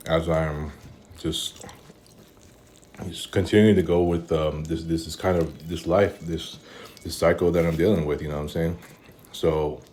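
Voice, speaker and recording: A man with an extremely deep, low voice talks his way through a casual vlog, tired and rambling, circling back on himself with lots of fillers. He chews and eats between sentences. A faint hum sits under the recording. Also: a little mellow. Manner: weary, rambling, many fillers and restarts; eating while talking. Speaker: vlogger.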